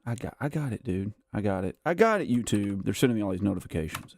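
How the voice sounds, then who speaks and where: A man's voice: lowish voice, sing-song, brisk, no room sound, studio quality. Tired, chatty gaming streamer man. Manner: rambling, chatty and self-mocking. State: tired and worn out. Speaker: gaming livestream host. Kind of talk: casual live gameplay chat.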